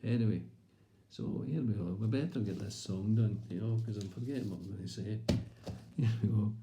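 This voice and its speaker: A man's voice: fairly low pitch, fairly quick, warm tone, slight background noise. A man with a Scottish accent, telling a comic story in a rambling, chatty way. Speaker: comedian. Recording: roomy echo.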